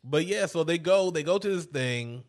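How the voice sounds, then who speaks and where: A man's voice: on the high side, moderate pace. A man casually recapping a film with a friend, swearing freely and acting out the characters' lines. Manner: profane, animated retelling with quoted voices. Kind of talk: casual movie recap chat.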